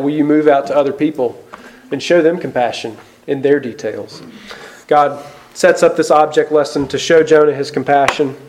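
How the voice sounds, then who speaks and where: A man's voice: on the high side, darkish tone, slight background noise. A man, a pastor, preaching an earnest sermon full of questions and emphatic rises.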